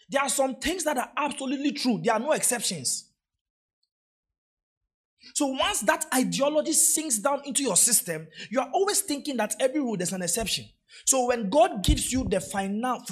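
A man's voice: very high-pitched, slightly rough. A man preaching a sermon as pastor, hammering key phrases through repetition and drawing the congregation in to repeat and answer.

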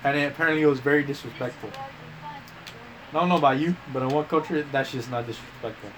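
With lively intonation and a bright, high-ish voice, a man talks a little fast while telling his friends rambling, profane stories. He peppers them with "bro" and "dude" and acts out quotes in altered voices. The recording is rough, with slight background noise.

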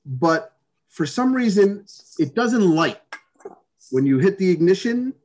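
A man's voice: sits high, sing-song, unhurried, a little mellow. A man telling a long story in casual chat, rambling with many restarts, fillers and swear words.

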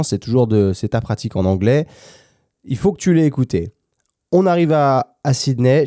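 A man's voice: fairly low pitch, dark tone, dry recording, clean studio sound. A French man, a native French speaker, hosting a language practice podcast in an unscripted, casual monologue, thinking aloud with many restarts and fillers. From France. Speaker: host of an English practice podcast.

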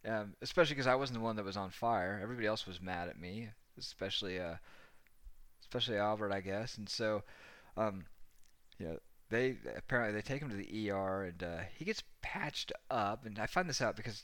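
A young man recounts a rowdy anecdote in loose, rambling fashion, swearing and laughing as he goes. His voice is bright and forceful, recorded dry and close. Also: on the low side, a little fast, no room sound. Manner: rambling, profane, laughing often. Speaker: storyteller. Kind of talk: casual anecdote telling.

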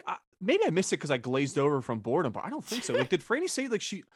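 A man's voice: a little high, wildly swooping pitch, quick pace, slight background noise. A man co-hosting a podcast in casual chat, laid-back but blunt and swearing freely. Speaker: podcast co-host.

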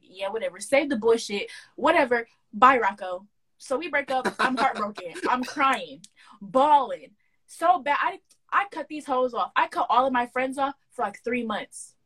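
A young woman with a slightly raised pitch tells a story on a casual podcast. She is animated and slangy and acts out every quoted line. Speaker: podcast co-host.

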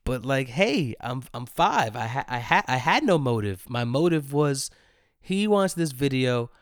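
On his solo storytelling podcast, a host in his thirties spins a loose, slangy tale at a middle pitch, laughing often and repeating lines for effect. His delivery is sing-song and measured. The sound is dry and close, with no room sound.

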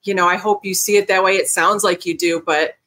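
A woman's voice: fairly low pitch, fairly even intonation, fairly quick, fairly bright tone. A woman hosting a panel conversation, effusive and enthusiastic, chatty with the guests.

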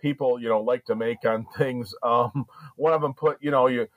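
A man's voice: medium pitch, fairly even intonation, normal speed, dry recording. A man being interviewed as a guest comedian, talking casually and rambling with many fillers and restarts.

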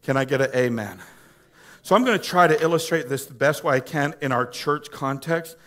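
Man, pastor, preaching in church, high-pitched, impassioned, pleading. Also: animated, fairly quick, a bit bright. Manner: impassioned, pleading, calls for audience responses. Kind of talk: sermon. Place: church sanctuary.

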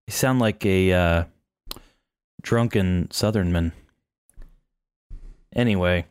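A man's voice: sits low, takes it slowly, pauses often, clean tone, no echo, studio quality. A man co-hosting a podcast about a film, chatting in a playful, joking way. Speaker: podcast co-host. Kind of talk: casual film-discussion chat.

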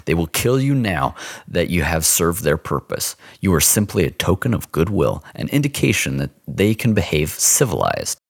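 A man voicing a stout, gruff, domineering frontier Indian agent who gives curt, menacing orders. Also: sits low, wildly swooping pitch, moderate pace, dry recording, studio quality, heavily acted.

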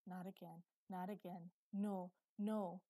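A woman's voice: lowish voice, flat delivery, takes it slowly, mellow. A woman voicing a terrified, starving little boy who stutters in a broken accent. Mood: panicked. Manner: stuttering, fearful.

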